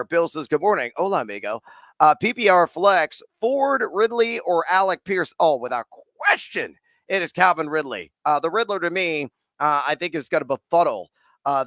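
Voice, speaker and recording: Brisk, bright-toned male host fielding live stream questions; energetic, slangy, lots of "uh" fillers; dry close sound. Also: on the high side, dry recording. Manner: rapid, energetic, sports slang, frequent "uh" fillers. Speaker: fantasy football and betting host.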